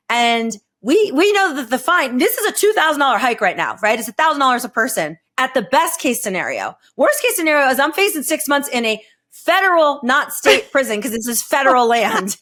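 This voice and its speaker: A woman's voice: sits high, a little fast. A woman in her thirties telling a long story on a podcast, chatty and profane, acting out what people said. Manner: animated, profane, acts out quotes in raised voice. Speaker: podcast host. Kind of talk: storytelling casual chat.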